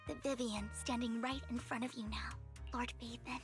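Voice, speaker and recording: A woman acts out an elegant young noblewoman in a video game who speaks formally and with heartfelt devotion. Her voice sits a little high, over clear background music. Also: steady tone, moderate pace, close to an everyday voice. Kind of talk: game voice acting.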